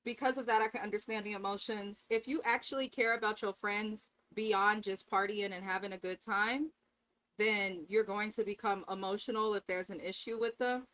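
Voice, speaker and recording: A woman's voice: mid-range voice, fairly even intonation, normal speed, fairly bright tone. A woman co-hosting a casual reality TV recap, speaking candidly and bluntly. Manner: candid, blunt, swears freely. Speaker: co-host.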